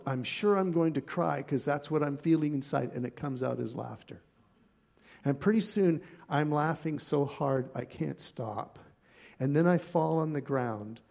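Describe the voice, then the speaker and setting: Gravelly-voiced pastor telling a story. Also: male voice, medium pitch. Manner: animated personal storytelling, laughing at times. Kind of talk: sermon storytelling.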